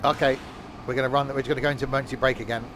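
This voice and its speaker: A man's voice: medium pitch, flat delivery, very fast, background noise. A man streaming a train simulator game, chatting casually and joking as he reads his viewers' messages. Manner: joking banter, reading viewers' chat. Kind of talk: casual gameplay commentary.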